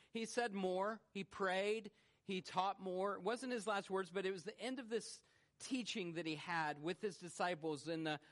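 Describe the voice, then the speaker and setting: Guy pastor preaching a sermon in church, kinda high voice, gets loud then drops way down quiet. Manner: animated, swings from loud rhetorical questions to hushed low emphasis. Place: church sanctuary.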